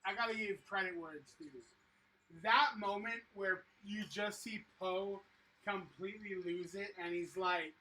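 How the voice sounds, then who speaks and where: Excitable host, bright voice, slightly distant mic. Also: mid-range voice, a little slow. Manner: excitable, enthusiastic, many fillers. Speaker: livestream host building sets. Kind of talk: casual chat reading viewer comments.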